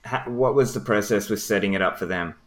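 A man hosting a podcast interview, asking relaxed, friendly questions with the occasional filler. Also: fairly low pitch, fairly quick. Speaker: podcast host. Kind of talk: casual interview.

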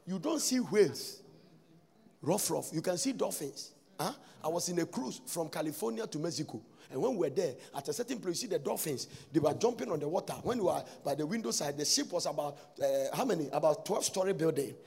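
A man preaching a sermon, breaking into sudden shouts and sing-song lines. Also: a little high, expressive, a little fast, vocal fry, slightly rough.

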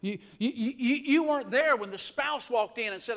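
A middle-aged man preaching a live revival sermon in a church, swinging from hushed asides to shouting, with folksy humor. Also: very high voice, lively intonation, moderate pace, hardly any pauses. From Alabama. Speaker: guest pastor. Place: church sanctuary.

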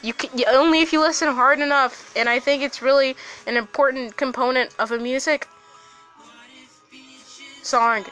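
A teenage girl hosting a casual podcast, her voice bright and a little high. She swears freely and bursts into laughs as she talks. Soft music plays underneath. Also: steady tone, normal speed, long pauses. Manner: loud, laughing, swears often. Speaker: podcast host. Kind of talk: casual chat.

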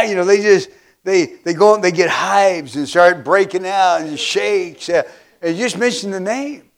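A man preaching a sermon as pastor, filling pauses with "uh" and calling for amens. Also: high voice, gravelly. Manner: preaching with frequent "uh" fillers, asking for amens.

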